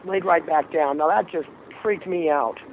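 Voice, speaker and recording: A woman phones in to a radio talk show and tells her story in an earnest, halting way, with plenty of ums and restarts. Her voice comes through a tinny phone line. A faint hiss sits underneath it. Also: deep voice. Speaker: caller. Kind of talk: call-in storytelling.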